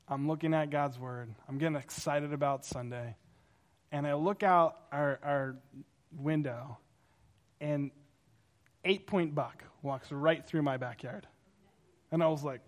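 A male pastor preaching a sermon, telling stories in an animated, conversational way. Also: on the high side.

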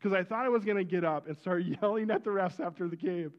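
A middle-aged man preaching with a high, bright-pitched voice. He tells personal stories from the pulpit with animated energy and breaks out in loud exclamations. The recording sounds muffled and lo-fi. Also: fast. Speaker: pastor.

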